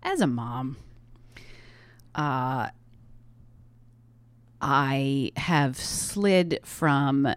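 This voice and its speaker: A woman's voice: a bass voice, expressive, very slow, long pauses, clear, resonant tone, no room sound. A woman co-hosting a podcast, mother of a child, blunt and swearing in casual banter. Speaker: podcast co-host.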